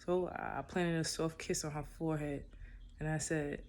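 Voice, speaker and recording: A man's voice: fairly high pitch, little pitch movement, normal speed, slight background noise. Young guy telling a romance story, super laid back, lots of little fillers. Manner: laid-back, peppered with "you know". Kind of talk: casual spoken love story.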